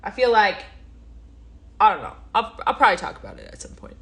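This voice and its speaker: A woman with a mid-range, slightly bright voice talks a little fast, her pitch swinging widely. She's a livestream host chatting casually and rambling, reading viewer comments aloud and answering them, while sounding stuffy-nosed and yawning.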